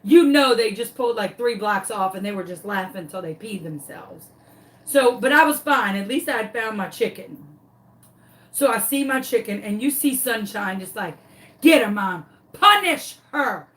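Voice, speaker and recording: Animated woman telling a story. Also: mid-range voice, normal speed. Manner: animated, dramatic storyteller, talks to viewers directly. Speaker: craft tutorial host. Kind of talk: casual storytelling during a craft demo.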